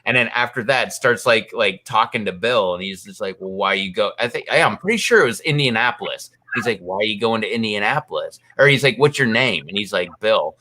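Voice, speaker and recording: A man's voice: on the low side, animated, a little fast, few pauses, sharp tone. A man in casual chat, retelling a long story in a rambling way, full of fillers and quoted voices. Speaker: co-host.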